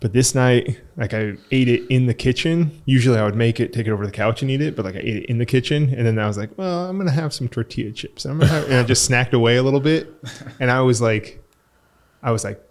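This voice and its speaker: Fast-talking man telling a candid story. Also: mid-range voice. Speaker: podcast guest coach. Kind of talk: casual chat.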